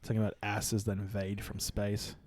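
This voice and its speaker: A man's voice: lowish voice, completely flat delivery, normal speed, a little hiss or hum. A man co-hosting a comedy podcast, joking around in casual banter. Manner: playful, bursts into loud silly voices. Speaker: podcast co-host.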